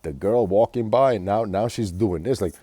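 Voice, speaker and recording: A man's voice: on the low side, moderate pace, mellow, no echo. A man telling a rambling, profane personal story in a vlog, agitated and full of fillers. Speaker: vlogger.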